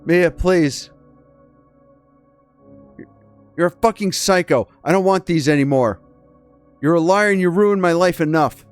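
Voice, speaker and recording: A man's voice: a little high, moderate pace, clear, resonant tone, no echo, soft background music, pitched above the performer's own voice, lightly acted. A man doing a cornered, wounded young man. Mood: desperate. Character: wounded young male student, frightened and cornered.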